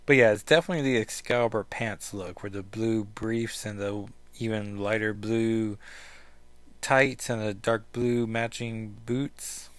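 A man's voice: on the low side, steady tone, unhurried, no echo. Chatty man discussing comics. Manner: chatty, self-questioning, with fillers. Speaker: podcast host. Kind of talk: casual comic-book commentary.

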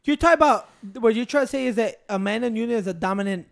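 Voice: mid-range voice, quick pace, creaky. A co-host in a casual chat, rambling along and dropping in Spanish fillers.

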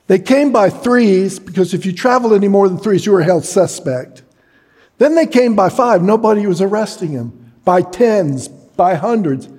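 A middle-aged man preaching a sermon, telling a story dramatically and shouting at its peaks. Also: high voice, lively intonation, normal speed, breathy edge. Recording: long hall reverb.

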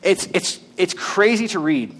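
A male pastor preaching a sermon in a conversational, animated way, reading scripture aloud to his congregation. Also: high-pitched, measured pace, husky.

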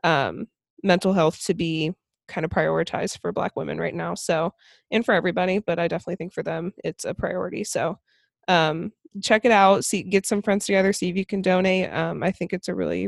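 Young woman co-host, lowish gravelly voice, supportive casual talk, dry sound. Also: steady tone, brisk, dry recording. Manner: supportive, frequent agreeing murmurs. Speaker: podcast co-host. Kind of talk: casual chat.

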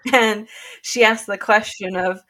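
A woman's voice: medium pitch, takes it slowly, fairly bright tone. Chatty woman podcast co-host. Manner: chatty, laughs often, many fillers. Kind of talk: casual chat.

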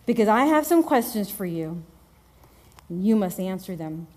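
A woman's voice: mid-range voice, very animated, moderate pace, a little mellow, voice pushed down. A woman preacher voicing God as a stern, demanding male figure who fires off challenging questions. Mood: sassy.

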